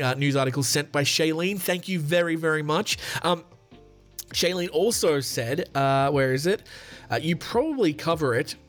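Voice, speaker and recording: A man's voice: on the high side, a bit bright. Chatty man hosting a podcast. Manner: chatty, rambling, frequent fillers and restarts. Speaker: podcast host. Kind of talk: casual podcast monologue.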